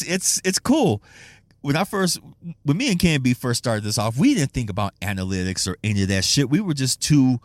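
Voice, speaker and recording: A man's voice: medium pitch, dry recording. A man hosting a casual solo podcast, rambling and swearing, laughing often and restarting his sentences. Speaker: podcast host.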